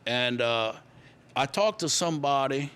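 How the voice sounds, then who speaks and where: An older man from Louisiana, in his sixties, settles into a long story as a guest on an interview show. His talk meanders at an easy pace, full of fillers and small restarts, in a voice of average pitch for a man. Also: lively intonation, fairly bright tone, smooth. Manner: rambling, unhurried, many fillers. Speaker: guest musician.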